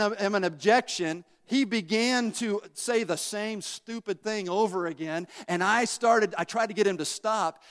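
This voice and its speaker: High-voiced guy pastor preaching, lively storytelling, big churchy reverb. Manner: animated storytelling, shouts at peaks. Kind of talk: sermon. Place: church sanctuary. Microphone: handheld or stage mic.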